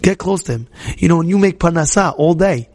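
Man teaching a casual Torah class, high gravelly voice, animated, repeats himself, quizzes the room. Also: a little fast. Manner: animated, repetitive, questions the audience directly. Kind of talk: informal Torah class talk to a live group.

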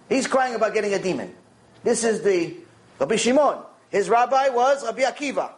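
A man with a high-pitched voice delivers a Torah lecture. He tells stories with animation and repeats key phrases to drive them home. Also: fairly quick. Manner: animated storytelling, with repetition for emphasis. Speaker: Torah teacher.

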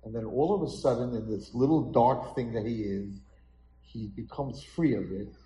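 A man's voice: mid-range voice, moderate pace, warm tone. A man, a rabbi, dramatically telling a story in a sermon at an event hall. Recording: echoey hall.

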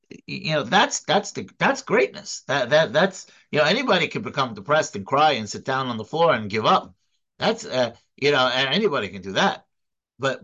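A man gives a religious study class in a bright, forceful voice. He is earnest and emphatic, and his speech keeps stalling on repeated words and restarts. The recording is dull and lo-fi. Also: mid-range voice. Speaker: Torah class teacher. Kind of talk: informal recorded lecture.

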